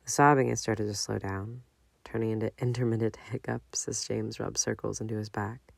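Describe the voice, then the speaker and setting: A man reading a fan-fiction audiobook aloud in a measured, unhurried way. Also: lowish voice, little pitch movement, creaky, no echo. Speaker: audiobook narrator.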